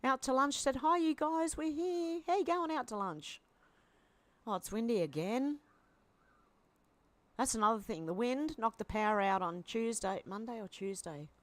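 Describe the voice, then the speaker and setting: A woman's voice: a little high, a little slow, long pauses, dry recording. An Australian woman hosting a live stream, casually reading out posts and viewer comments with chatty asides. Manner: chatty, reacts aloud, with asides and fillers.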